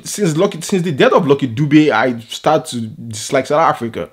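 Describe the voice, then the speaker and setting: A man's voice: a little high, expressive, normal speed, husky. A man with a Nigerian accent giving casual, opinionated celebrity news commentary, rambling and checking in with "okay?". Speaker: entertainment news vlogger.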